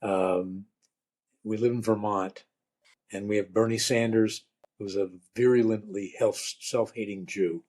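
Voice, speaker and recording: An older man, a rabbi turned comedian, telling stories and jokes in a relaxed, wry conversational way. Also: lowish voice, a little slow. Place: lives in Vermont.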